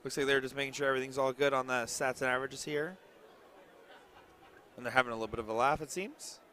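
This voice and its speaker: A man's voice: medium pitch, fairly even intonation, fast talker, sharp tone, a faint crowd, slight background noise. A man doing live darts commentary with a jokey, bantering, self-mocking manner, calling the match from a casino event hall.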